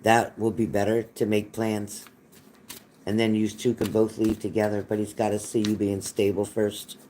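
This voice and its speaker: A man's voice: fairly low pitch, completely flat delivery, moderate pace, dark tone, slight background noise. Folksy man doing live psychic readings. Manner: reassuring, folksy, repeats phrases, calls viewers honey. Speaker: psychic reader. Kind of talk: live-stream reading chat.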